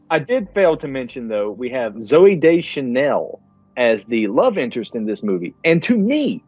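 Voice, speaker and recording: A man's voice: medium pitch, sing-song, measured pace, darkish tone, husky, no echo, lo-fi sound, soft background music. A man co-hosting a podcast, casually and profanely retelling movie scenes. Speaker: podcast co-host. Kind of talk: casual movie-review chat.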